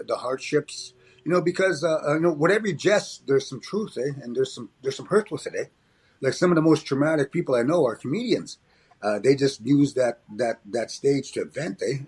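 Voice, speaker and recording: Older guy, husky voice, keeps restarting and tacking on "eh?", talking about his life in an interview. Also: medium pitch, darkish tone. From Alberta, Canada. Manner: frequent restarts and tag "eh?". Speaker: comedian and motivational speaker, interview guest. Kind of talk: reflective interview talk.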